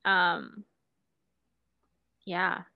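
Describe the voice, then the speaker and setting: A woman's voice: lowish voice, flat delivery, drawn-out words, vocal fry, no room sound. A woman playing along in a guessing game, offering tentative suggestions and hesitating often. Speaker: co-player. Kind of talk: casual gameplay chat. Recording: dull, dry lo-fi audio.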